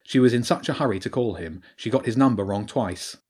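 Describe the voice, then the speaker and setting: A man narrating an audiobook in a calm, even storytelling manner. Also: mid-range voice, fairly quick, breathy edge.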